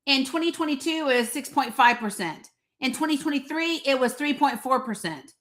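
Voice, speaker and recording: A woman's voice: high-pitched, lively intonation, normal speed, fairly bright tone. A woman with an East Tennessee accent hosting live political commentary, blunt, sarcastic and profane. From Northeast Tennessee. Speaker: live show host.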